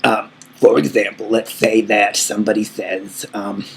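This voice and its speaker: A man's voice: on the low side, fairly even intonation, measured pace, gravelly, slightly rough, exaggerated voice, rough recording. A man playing a vain, aging female diva singer who boastfully calls everyone darling while answering fan questions in a comedic vlog. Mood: self-important.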